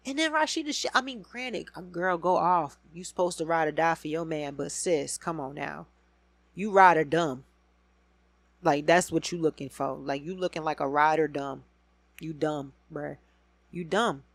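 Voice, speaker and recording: A woman hosting a podcast alone, giving a casual, blunt and profane rant about reality TV with loud emphatic bursts. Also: low-pitched, moderate pace, no room sound. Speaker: podcast host.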